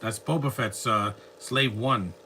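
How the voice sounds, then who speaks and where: A little slow, his medium-pitched voice comes across pushed and bright, with slight background noise. The man is live-streaming fan films and offering casual reaction commentary, full of joking sarcasm and grumbled rants aimed at the screen.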